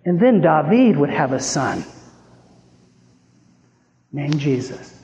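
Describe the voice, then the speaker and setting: A man preaching a sermon as a pastor, impassioned, swinging between hushed and rising pleading. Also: a little high, sing-song, takes it slowly, long pauses, highs cut off, a little hiss or hum. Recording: long hall reverb.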